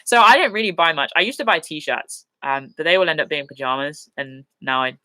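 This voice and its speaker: A woman answers viewers' questions in a casual livestream from her sofa at home. She rambles warmly through fillers and false starts and is quick to laugh or tear up. Her voice is bright and forward, and the sound is dry and close with no room echo. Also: low-pitched, lively intonation. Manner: chatty and rambling, with many fillers and restarts; openly emotional and laughs easily. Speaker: host of a live viewer Q&A. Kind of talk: casual live Q&A chat. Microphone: computer mic on a livestream.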